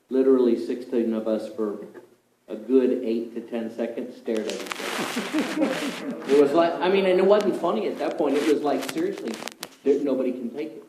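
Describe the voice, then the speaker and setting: A man's voice: mid-range voice, animated, moderate pace, noisy background. A man recounting a mission trip story to a group, reflective and wry. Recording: roomy echo.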